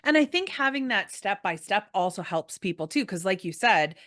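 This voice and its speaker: A woman's voice: mid-range voice, sing-song, moderate pace, a bit bright, no room sound, clean studio sound. A woman hosting a business podcast, chatty and easygoing as she builds on her guest's points. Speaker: podcast host. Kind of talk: casual interview talk.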